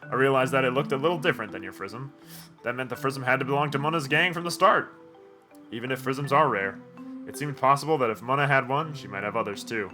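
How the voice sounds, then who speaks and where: A man voicing a gentle, courteous three-headed male dragon from a game, speaking formally and politely, lower and quieter than his own voice. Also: fast talker, soft background music, lightly acted.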